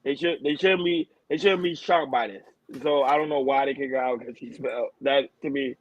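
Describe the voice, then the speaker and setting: A man hosting a podcast in casual chat, animated, laughing and slangy. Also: mid-range voice, normal speed. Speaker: podcast host. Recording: dull, dry recording.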